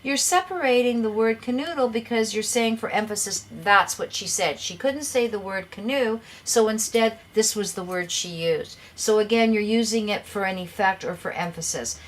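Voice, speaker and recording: A woman's voice: medium pitch, normal speed, hardly any pauses. A middle-aged woman teaching an English grammar lesson, explaining patiently and sometimes repeating words as she goes.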